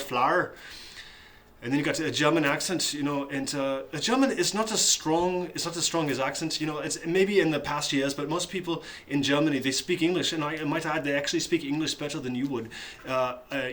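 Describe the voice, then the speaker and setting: A man's voice: a little high, a bit bright. A man comedian running through accents in a loose, rambling way.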